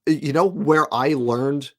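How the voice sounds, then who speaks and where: A man talking as a guest scientist in a casual conversation, speaking emphatically with an exasperated edge and quick asides. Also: fairly high pitch.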